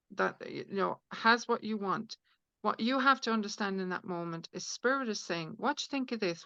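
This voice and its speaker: A woman's voice: medium pitch, creaky, fairly bright tone, no echo, lo-fi sound. A woman being interviewed as a spiritual healer, speaking earnestly in a rambling way with many fillers and restarts. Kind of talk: conversational podcast interview.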